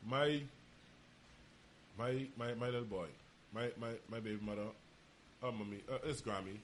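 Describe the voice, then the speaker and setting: A man's voice: mid-range voice, moderate pace, slight background noise. A man in a casual podcast chat, making insistent points and repeating his phrases for emphasis. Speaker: podcast co-host.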